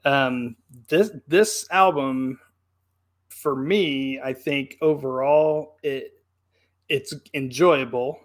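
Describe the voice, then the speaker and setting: A man with a mid-range voice talks casually about an album. He speaks in quick bursts and keeps restarting his sentences. He gives his opinion in plain, everyday words. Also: mid-range voice. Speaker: album review co-host. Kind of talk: casual chat.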